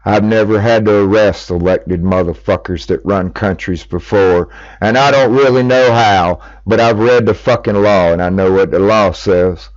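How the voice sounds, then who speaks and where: A man's voice: lowish voice, moderate pace, no echo. A middle-aged American man, delivering a heated, profane monologue as a public appeal. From United States. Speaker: speaker making a public appeal. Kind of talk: angry monologue. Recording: dull lo-fi recording.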